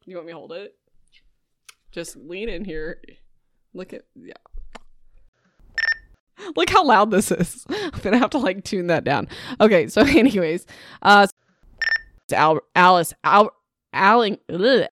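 A woman's voice: mid-range voice, sing-song, measured pace, long pauses, a bit bright, no room sound. Podcast host: a giggly, scattered woman on a dry close mic, chatting casually and constantly restarting. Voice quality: giggly, keeps breaking into laughter. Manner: scattered, self-interrupting, restarts. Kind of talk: casual chat, bloopers. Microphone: desk mic close by.

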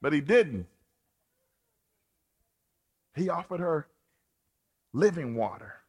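A man preaching a sermon in an animated, colloquial, playful way. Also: fairly high pitch, takes it slowly, breathy edge. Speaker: pastor.

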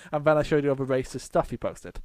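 A man's voice: a little high, a little mellow, no room sound. A man from the UK co-hosting a podcast, telling rambling anecdotes in casual chat and swearing freely. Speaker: podcast co-host.

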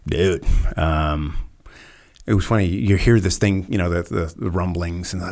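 A man's voice: sits low, normal speed, gravelly, darkish tone. A man in his fifties, a former Navy SEAL guest on a podcast, telling laid-back anecdotes full of fillers and quoted voices. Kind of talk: casual storytelling interview.

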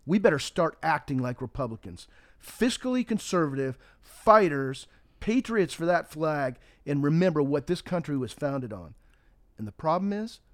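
A man's voice: on the high side, no echo, studio quality. A man on a talk show, telling a joke and talking politics in a folksy, emphatic way. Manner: folksy storyteller, emphatic, forceful when riled.

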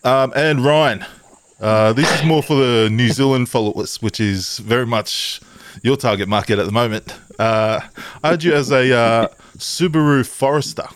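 A man from Tonga co-hosting a podcast, laid-back and quick to laugh in casual banter. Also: medium pitch, clear, resonant tone, no echo, clean studio sound. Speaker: podcast co-host.

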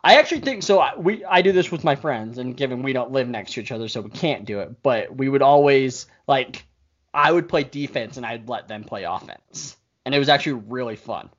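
A man in a casual chat, teasing a friend and telling stories in an animated way. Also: mid-range voice, fairly quick. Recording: dull lo-fi audio.

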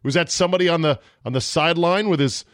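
A man's voice: fairly high pitch, quick pace, fairly bright tone, no room sound. A man talks sports on his own podcast, close to the mic in a dead, dry room. He rants with wry exasperation and puts on mocking voices to quote other people. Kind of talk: solo sports talk monologue.

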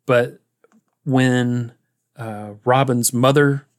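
A man's voice: mid-range voice, fairly even intonation, very slow. A man hosting a podcast in casual chat, retelling movie scenes in a rambling way and chuckling as he goes. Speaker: podcast host.

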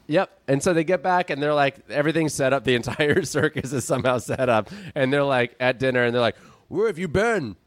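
A man's voice: mid-range voice, fairly quick, hardly any pauses, no echo, studio quality. A man co-hosting a comedy podcast, leading an improvised movie plot in an easygoing way. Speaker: podcast co-host.

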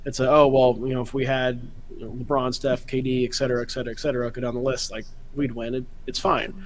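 American male sports writer, quick and wry podcast guest. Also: medium pitch, little pitch movement, slight background noise. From United States. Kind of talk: casual sports podcast chat.

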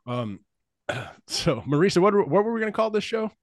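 A man's voice: sits high, sing-song, moderate pace, dry recording, clean studio sound. Rambling, swearing male podcast host. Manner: rambling storyteller, swears freely, laughs often. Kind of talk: casual podcast chat.

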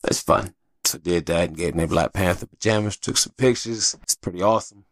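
A man's voice: low voice, brisk, a bit bright, dry recording. A man hosting a casual solo podcast, talking candidly and with plenty of swearing as he rambles through stories. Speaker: podcast host.

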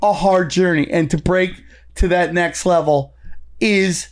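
A man in his forties, a comedian, telling stories in an animated casual chat and swearing often. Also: high-pitched, unhurried. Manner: animated storytelling, frequent swearing. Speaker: guest comedian.

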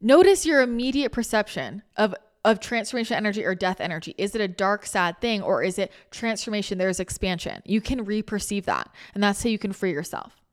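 A woman hosting a spiritual podcast, chatting casually in a rambling, animated way, full of restarts, laughter and casual swearing. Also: medium pitch, a little fast. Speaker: spiritual channeler and podcast host.

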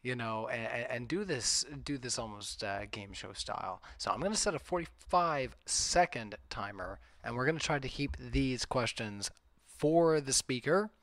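A man moderating a live online debate, brisk and reading viewer questions aloud. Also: mid-range voice, expressive, fairly bright tone, no room sound.

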